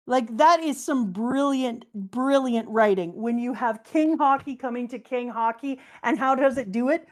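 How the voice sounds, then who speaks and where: Middle-aged woman, slightly high voice, animated storyteller who drops low for character lines. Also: unhurried, hardly any pauses. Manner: excited, acts out character lines in a lowered voice. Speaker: co-host reading and discussing a manga. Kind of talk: casual chat.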